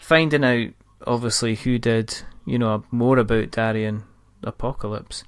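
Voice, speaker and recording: A man's voice: medium pitch, fairly even intonation, unhurried, smooth. A man hosting a casual podcast interview, teasing his guests and laughing often. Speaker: podcast host.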